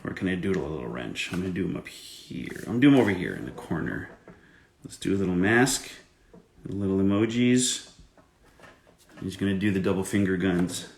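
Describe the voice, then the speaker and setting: A man's voice: low-pitched, lively intonation, fairly quick, vocal fry, reverberant, slight background noise. A male voice actor chatting casually while signing autographs, joking about his own drawing. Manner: self-deprecating, chats while drawing and writing. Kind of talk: live autograph-signing chat.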